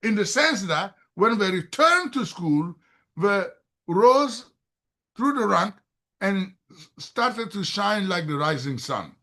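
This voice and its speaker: An older man giving an emphatic, excitable presentation over a video call, mentoring students on how to excel. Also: sits high, slow. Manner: excitable, emphatic lecturing that rises loudly when stirred. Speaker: STEM mentor presenting a program.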